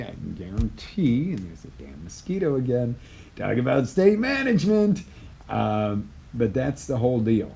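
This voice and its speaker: Man, live motivational coach, low gravelly voice, punchy and chatty with sudden loud bursts. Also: a little hiss or hum, rough recording. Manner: emphatic, conversational, swings from loud bursts to quiet asides. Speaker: life coach.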